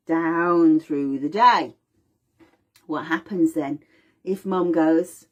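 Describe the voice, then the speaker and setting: A woman's voice: fairly low pitch, takes it slowly. A middle-aged woman, giving an informal lecture on aromatherapy and acting out little voices as she explains. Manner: animated, acts out voices of mum and baby. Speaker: aromatherapy teacher.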